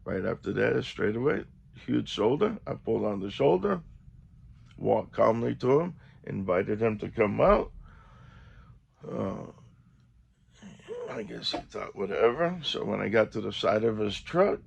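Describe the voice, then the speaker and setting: Gravelly husky guy telling a story on his vlog, super animated. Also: lowish voice, unhurried, long pauses, lo-fi sound. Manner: animated, acts out quotes. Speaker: vlogger. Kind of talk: casual storytelling.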